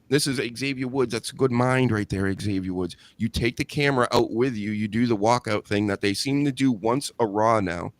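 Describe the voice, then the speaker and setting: A man's voice: medium pitch, a little slow, dry recording. A man hosting a wrestling podcast in casual chat, blunt and sarcastic, swearing freely. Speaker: podcast host.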